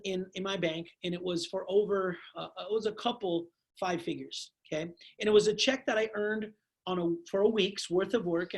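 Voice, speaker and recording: A man giving an energetic motivational training talk to his sales team, speaking to them as "guys" and telling stories full of quoted dialogue. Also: high-pitched. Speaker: network marketing team trainer.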